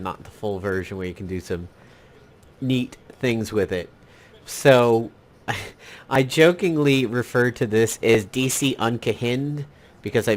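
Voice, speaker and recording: A man from New York giving casual, rambling commentary while playing a mobile game, with many fillers and asides. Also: medium pitch.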